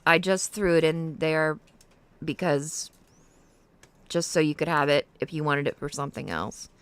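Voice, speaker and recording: A woman's voice: deep voice, a little slow, smooth. A middle-aged woman hosting a crafting livestream, chatting casually and rambling with fillers as she works. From Ohio, US. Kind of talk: casual chat while crafting.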